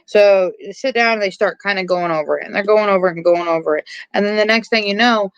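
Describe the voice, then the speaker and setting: A podcast host recapping a horror film in casual chat, animated and profane, with lots of filler words and acted-out bits of dialogue. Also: mid-range voice, smooth, no echo, highs cut off. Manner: acts out characters' lines in quick asides.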